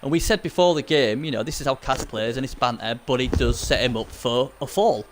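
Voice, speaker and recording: A man's voice: mid-range voice, brisk, background noise. Chatty male game commentator. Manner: chatty, rambling, stop-start sentences. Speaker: esports commentator and host. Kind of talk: casual live game commentary.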